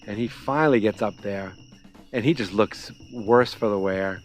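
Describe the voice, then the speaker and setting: A man's voice: lowish voice, steady tone, normal speed. A man hosting a podcast, recapping a TV episode in a casual, sarcastic way with lots of fillers. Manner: chatty, sarcastic, lots of fillers and quoted voices. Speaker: podcast host.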